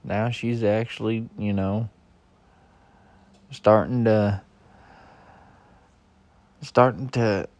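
A young man vents about his home life in a slow, unhurried rant full of swearing. He sounds exasperated and griping throughout. The sound is dry and close, with no room echo. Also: fairly low pitch, fairly even intonation, darkish tone. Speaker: husband venting. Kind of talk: profane personal rant.

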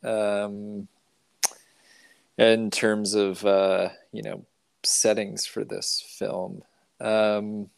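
A man hosting a podcast in casual chat, rambling and animated with restarts. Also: on the low side, extremely slow, gravelly, long pauses, clear, resonant tone, dry recording. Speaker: podcast host.

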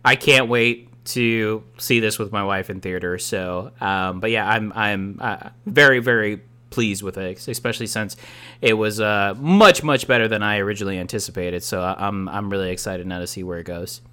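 A young married man co-hosting a podcast, talking with enthusiasm but halting often with ums and restarts. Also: fairly low pitch, pushed and bright, smooth. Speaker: podcast co-host. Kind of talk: casual chat.

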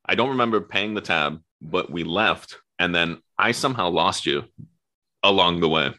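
Podcast co-host, male, deep but bright, easygoing recap of events. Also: animated, normal speed. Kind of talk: casual storytelling chat.

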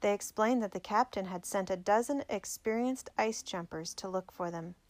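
A woman narrating a biography aloud in a measured, clear storytelling manner. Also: medium pitch, darkish tone, dry recording.

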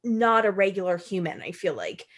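A woman's voice: mid-range voice, animated, moderate pace, a bit bright. A young adult woman co-hosting a podcast, chatting loosely with lots of fillers and some swearing. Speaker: podcast co-host. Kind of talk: casual chat.

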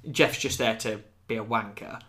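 A man, co-hosting a podcast in casual chat, animated and acting out quotes. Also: lowish voice, normal speed. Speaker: podcast co-host.

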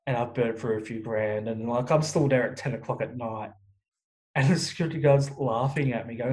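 A man's voice: mid-range voice, brisk, darkish tone, poor audio. A young man talking frankly as an interview guest, swearing often and restarting his sentences. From Australia. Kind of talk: candid interview talk.

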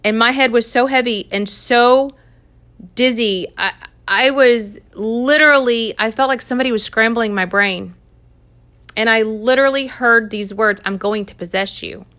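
A woman's voice: a little high, measured pace, pushed and bright. A woman sharing an earnest Christian testimony in a conversational way, laughing now and then. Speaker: Christian speaker giving testimony.

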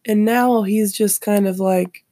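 A woman's voice: mid-range voice, steady tone, unhurried, mellow, no echo. A woman hosting a podcast alone, talking casually and rambling, often repeating and restarting her phrases. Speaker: podcast host. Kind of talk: casual solo commentary.

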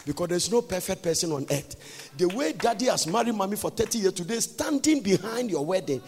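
A pastor in his forties preaching in a large church, swinging between sing-song phrases and sudden shouts. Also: high-pitched, lively intonation, a little fast, husky. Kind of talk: sermon. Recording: long church reverb.

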